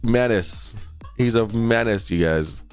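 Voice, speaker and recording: A man's voice: lowish voice, takes it slowly, clear, resonant tone, soft background music. A tired man hosting a casual livestream from his home, rambling and swearing freely. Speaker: streamer host.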